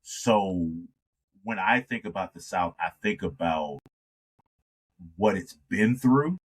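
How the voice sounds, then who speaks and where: A man from New York, a singer and radio host, chatting as a podcast guest and telling lively stories, with frequent agreeing "yeah"s. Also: sits low, takes it slowly, breathy edge. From born in New York. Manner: lively storyteller, steady stream of agreeing "yeah"s. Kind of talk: casual conversation.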